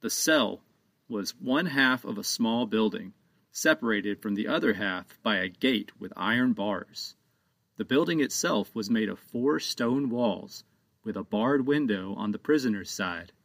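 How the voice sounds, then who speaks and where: A man's voice: fairly low pitch, lively intonation, measured pace, creaky, fairly bright tone, dry recording. A man reading his own children's book aloud as an audiobook narrator.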